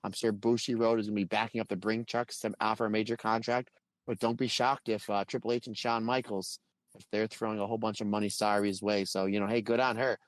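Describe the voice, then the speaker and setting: A man's voice: lowish voice, level tone, quick pace, no room sound. A man co-hosting a podcast in an easygoing, conversational chat. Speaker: podcast co-host, former wrestler.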